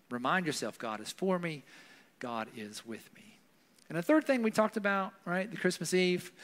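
A man, a pastor, preaching a conversational sermon in a church with a Southern US accent, often adding "right?" as he talks. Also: fairly high pitch. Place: church hall. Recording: long hall reverb.

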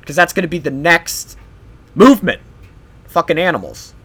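Fairly high-pitched with big pitch swings, his voice is fairly quick, pushed, bright, and husky. The young man rambles solo on his podcast in an offhand way, jumping between ideas, cursing freely, and leaving sentences unfinished.

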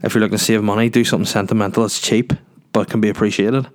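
A man's voice: lowish voice, level tone, rapid-fire. A man hosting a solo podcast in a rambling, jokey, sweary casual chat. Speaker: podcast host.

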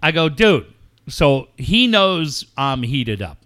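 Brief: middle-aged guy, bright lively voice, profane storyteller. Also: a little high, slow. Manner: animated, swears often, acts out quoted shouts. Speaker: show regular telling a story.

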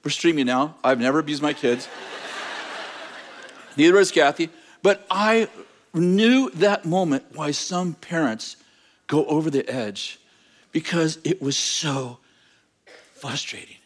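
A man's voice: a little high, slow, pauses often. A middle-aged man preaching a sermon, telling a personal story with self-mocking humor and restarting his sentences. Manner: animated storyteller, self-mocking, repeats words when starting. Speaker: pastor.

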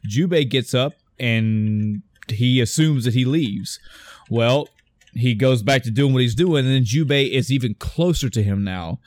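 A man in casual conversation, telling stories in an animated, meandering way that doubles back on itself. His voice sits at an ordinary middle pitch. The sound is dry and close, with no room echo. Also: unhurried. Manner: rambling, animated storytelling with many restarts. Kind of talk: casual chat.

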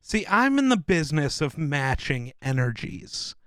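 Animated, bright-voiced podcast guy. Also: fairly high pitch, a little slow, clean tone, dry recording, clean studio sound. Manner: profane, animated storytelling. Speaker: podcast co-host. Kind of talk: casual chat.

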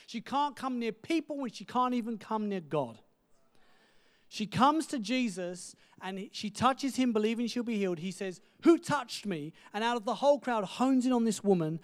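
High-pitched animated male preacher. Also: normal speed. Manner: animated storytelling, asks the audience "right?". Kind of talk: sermon.

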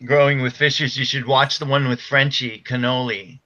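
A man's voice: mid-range voice, level tone, moderate pace, pushed and bright, muffled recording. A man co-hosting a casual podcast chat, offhand and joking.

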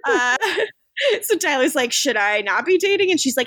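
A woman's voice: high-pitched, expressive, measured pace, long pauses, fairly bright tone, no echo. A woman co-hosting a podcast, recapping episodes in casual chat, swearing freely and giggling often. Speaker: podcast co-host.

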